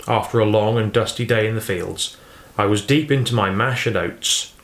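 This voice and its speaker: A man narrating a novel in a measured storytelling reading. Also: on the low side. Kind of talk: audiobook reading. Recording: roomy echo.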